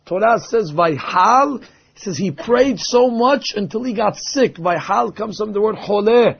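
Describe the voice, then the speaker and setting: A man's voice: high-pitched, animated, a little slow, gravelly, breathy edge. A man giving a Torah lesson, telling stories and acting out the voices he quotes with big jumps in tone. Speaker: Torah teacher. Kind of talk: sermon with storytelling. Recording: dull lo-fi recording.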